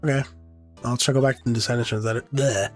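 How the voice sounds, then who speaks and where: A man reading a game's dialogue aloud at a middle pitch, springing higher and louder when he voices the hero. Faint game music runs underneath. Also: steady tone, quick pace. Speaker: gaming YouTuber. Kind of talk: reading a visual novel aloud, doing voices.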